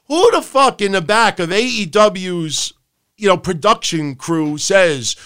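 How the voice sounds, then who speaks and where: A man's voice: high voice, animated, measured pace, fairly bright tone, clear, resonant tone, no echo, clean studio sound. A man hosting a wrestling podcast, ranting profanely and animatedly, with mocking impressions of other people. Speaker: podcast host.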